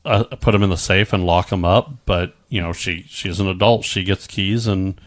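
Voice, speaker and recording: A man's voice: low-pitched, steady tone, moderate pace. A middle-aged man telling his own story in casual chat, rambling with many stammered restarts and frequent swearing.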